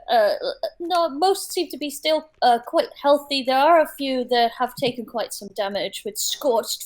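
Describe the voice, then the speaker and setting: A young woman narrates a tabletop game from her attic at an unhurried pace, her voice sitting a little high. She pauses often and fills the gaps with hesitant ums and uhs. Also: low-quality recording. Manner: hesitant, many fillers. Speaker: game master. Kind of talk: running a tabletop game online. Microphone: home mic in an attic.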